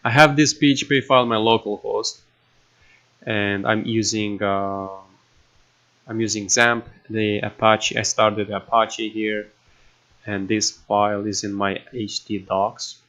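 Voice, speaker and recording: A man at his computer walking through a coding tutorial, halting and filling pauses with "you know" and "um". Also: lowish voice, little pitch movement, a bit bright. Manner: halting, with many fillers and restarts. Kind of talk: casual screen-recorded coding tutorial. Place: at a computer indoors. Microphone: desktop microphone. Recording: dull lo-fi desk mic.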